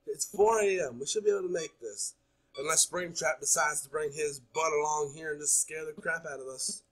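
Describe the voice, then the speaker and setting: Jittery young man, husky bright voice. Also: fairly high pitch, normal speed, low-quality recording. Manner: jumpy, talks nonstop while scared. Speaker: gaming YouTuber. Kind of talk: horror game let's play commentary.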